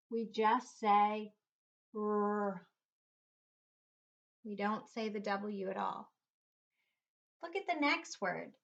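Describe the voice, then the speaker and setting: A woman's voice: mid-range voice, vocal fry, fairly bright tone. A middle-aged woman teaching a phonics lesson to young children, patiently spelling words out letter by letter. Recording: dull lo-fi recording.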